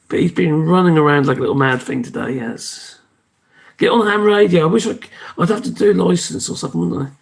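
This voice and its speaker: Chatty live-stream host, slightly high and gravelly, rambles and restarts. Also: male voice, brisk. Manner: rambling, chatty, self-interrupting; thanks viewers and signs off cheerily. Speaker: livestream host. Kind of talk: casual live-stream chat.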